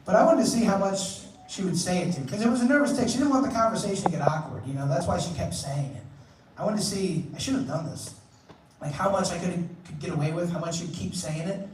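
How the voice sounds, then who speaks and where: In a noisy, roomy live recording from a comedy club, a young man speaks fast in a high voice from a distant mic. Audience laughter accompanies his stand-up set of crude conversational stories and acted-out quotes.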